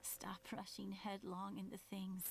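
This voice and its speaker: A woman voicing a dying young sibling in a game cutscene, speaking softly and haltingly with regret. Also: medium pitch, completely flat delivery, gravelly. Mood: tender. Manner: soft, halting farewell speech. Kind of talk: video game cutscene voice acting.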